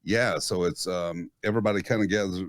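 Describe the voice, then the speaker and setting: Low-voiced, chuckling man in his fifties. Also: a little fast, dry recording, studio quality. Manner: relaxed, chuckling, joking. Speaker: guest co-host. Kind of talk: casual chat.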